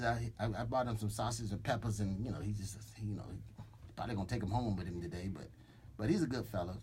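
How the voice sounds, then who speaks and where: A man's voice: medium pitch, lightly acted. A man voicing a boastful, threatening mob boss enforcer as a comic character on a radio show, speaking into a studio microphone. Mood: exasperated. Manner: swaggering, threatening, rambling with restarts.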